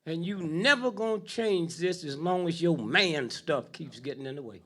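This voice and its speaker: An older man giving a speech to a live audience in a preaching style, dropping to a low mutter and rising to loud outbursts, with a steady "huh?" and "hmm?" after his lines. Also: moderate pace. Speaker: speaker addressing an audience.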